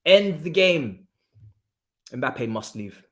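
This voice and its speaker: A man's voice: on the high side, very animated, drawn-out words, a bit bright. A man hosting a live stream, chatting casually and reacting to football with slang. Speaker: streamer host. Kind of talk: casual live match commentary. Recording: echoey room.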